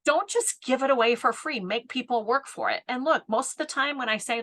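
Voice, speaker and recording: A woman's voice: a little high, animated, brisk, few pauses, bright, forceful tone. A woman in her fifties giving a casual live coaching talk, laughing often and tagging her points with "right?". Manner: chatty, laughs often, keeps asking "right?". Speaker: business coach.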